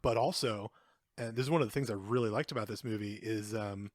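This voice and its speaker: Male co-host, low pitch, rambling and profane, dry close recording. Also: quick pace, darkish tone, no echo. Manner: loose and rambling, heavy swearing, many fillers. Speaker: podcast co-host. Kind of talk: casual film discussion.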